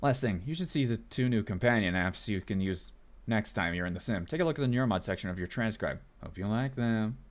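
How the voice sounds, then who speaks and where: A man's voice: on the low side, animated, a little fast. A man casually commentating while he plays a video game, joking and reading on-screen text aloud. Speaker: gaming video host. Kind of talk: casual let's play commentary.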